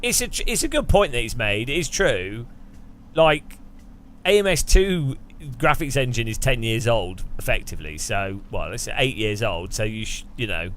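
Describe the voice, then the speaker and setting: A man's voice: mid-range voice, fairly bright tone, slight background noise. A man streaming a racing sim, chatting casually and ranting with frequent laughter. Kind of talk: casual live-stream chat.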